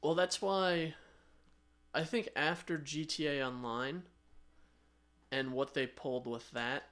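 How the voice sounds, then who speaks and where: A man's voice: a little high, fairly even intonation, slow, fairly bright tone. A young man co-hosting a casual podcast, talking in a thoughtful, easygoing way and laughing easily. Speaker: podcast co-host. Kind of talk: casual chat.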